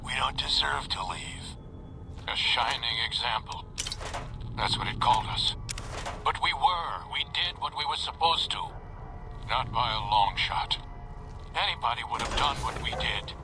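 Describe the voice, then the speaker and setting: A man's voice: medium pitch, expressive, a little slow, creaky, long pauses, distant mic. A guilt-ridden man in a game scene. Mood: somber. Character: guilt-ridden grown man facing a grim choice. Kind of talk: video game voice acting. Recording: game scene with loud music behind. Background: music.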